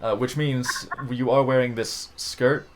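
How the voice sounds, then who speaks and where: A man's voice: mid-range voice, steady tone, unhurried, noisy background. A man narrating as game master of a tabletop game, rambling with many restarts and laughs.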